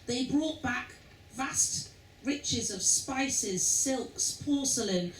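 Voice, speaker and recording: A woman's voice: fairly high pitch, expressive, extremely slow. A woman giving an informal history talk to cruise passengers, chatty and asking the audience questions. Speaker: cruise lecturer. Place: lounge aboard a river cruise ship. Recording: roomy, distant, faint background noise.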